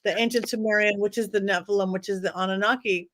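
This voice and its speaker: A woman's voice: medium pitch, fairly even intonation, quick pace, fairly bright tone, no echo. A woman guest on a podcast, speaking casually and enthusiastically, rambling through ideas and plans. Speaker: psychic guest.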